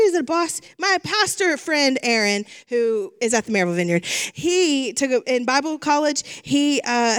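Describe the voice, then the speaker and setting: A middle-aged woman preaches a sermon in a fairly high voice. She speaks earnestly and leans on repeated phrases to drive her point home. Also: clean tone. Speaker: pastor.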